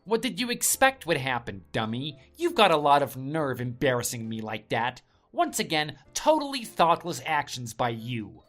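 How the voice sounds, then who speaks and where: Woman doing a scornful domineering husband, low voice, swinging intonation, story drama. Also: sing-song, normal speed, hardly any pauses, faint music behind, exaggerated voice. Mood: scolding. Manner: sneering, scolding. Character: arrogant contemptuous young husband.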